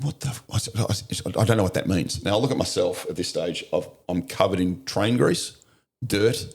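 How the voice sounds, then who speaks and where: A man's voice: sits low, creaky, darkish tone. A middle-aged Australian man telling a story as a podcast guest, blunt and vivid, with some swearing. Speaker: podcast guest, former police officer. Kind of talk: storytelling in an interview.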